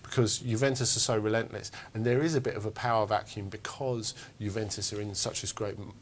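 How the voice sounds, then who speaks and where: A man's voice: lowish voice, fairly even intonation, a little fast, a little hiss or hum. A man co-hosting a football chat, talking eagerly and restarting his sentences. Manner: eager, stammering restarts, heaps of you know. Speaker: co-host.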